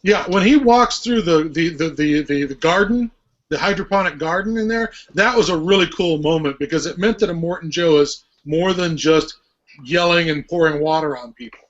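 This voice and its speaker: A man's voice: a little high, normal speed. A man hosting a casual podcast chat, telling stories animatedly and swearing freely. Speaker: podcast host. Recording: lo-fi podcast audio.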